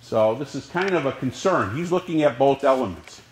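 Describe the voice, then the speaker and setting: A man teaching a college history class, lecturing in a lively way and asking the class questions. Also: mid-range voice, moderate pace, reverberant, a little hiss or hum, low-quality recording. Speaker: history professor.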